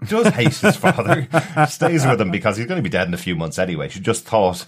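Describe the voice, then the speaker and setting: A man co-hosting a podcast in casual chat, talkative and quick to laugh as he explains things at length. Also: fairly low pitch, very animated, breathy edge. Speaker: podcast co-host.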